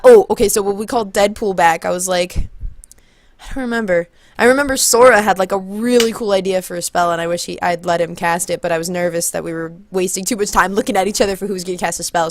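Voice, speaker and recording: A young woman telling a story in a casual vlog, excited and rambling, often backtracking to fix the order of events. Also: lowish voice, dry recording. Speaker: vlogger.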